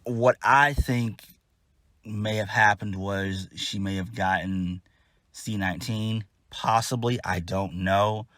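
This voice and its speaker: A man's voice: on the low side, fairly even intonation, slow, fairly bright tone, dry recording, studio quality. A man giving a casual solo wrestling review, blunt, exasperated and profane.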